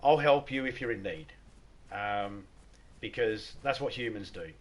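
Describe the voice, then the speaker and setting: A man's voice: lowish voice, animated, a little slow. A middle-aged Australian man chatting casually on a live stream, joking, swearing and laughing often.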